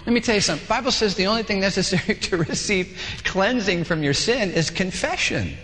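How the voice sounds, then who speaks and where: A male pastor preaching a sermon in a lively way, acting out dialogues in different voices, in a large church hall. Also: high-pitched, a little fast, slight background noise. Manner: animated, acts out dialogues with shifting voices. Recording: long hall reverb.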